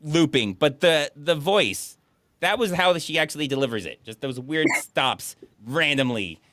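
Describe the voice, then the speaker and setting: A man streaming a movie riff, talking in casual commentary, laughing and putting on quick mock voices. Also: a little high, noisy background. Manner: animated, laughing, mock quotes in put-on voices.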